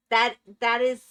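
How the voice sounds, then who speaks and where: A woman's voice: a little high, bright, forceful tone. A woman live-streaming a game, chatting casually with her viewers and laughing often. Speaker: Minecraft streamer. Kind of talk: casual live-stream chat while gaming.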